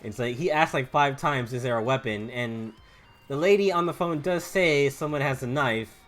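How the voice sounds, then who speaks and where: A man's voice: mid-range voice, moderate pace, a bit bright. A young man with a Southern US accent, rambling and stammering through restarts as he comments while gaming. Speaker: gaming YouTuber. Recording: faint game music behind.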